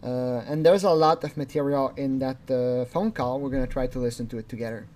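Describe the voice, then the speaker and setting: A man's voice: mid-range voice, steady tone, a little fast, noisy background. Chuckling man giving rambling commentary. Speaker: channel host. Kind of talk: casual video commentary.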